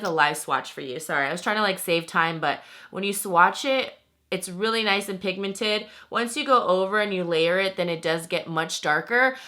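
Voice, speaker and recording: A young woman talking casually to camera as a beauty vlogger, animated and full of fillers like "like". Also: mid-range voice. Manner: animated and chatty, lots of "like". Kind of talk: casual chatty vlog.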